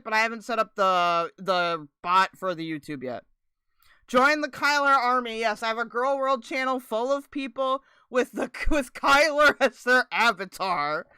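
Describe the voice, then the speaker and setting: A woman's voice: a little high, bright, forceful tone, smooth, dry recording. A woman streamer chatting casually and sarcastically, rambling and swearing as she reacts to another live stream. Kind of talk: casual livestream chat.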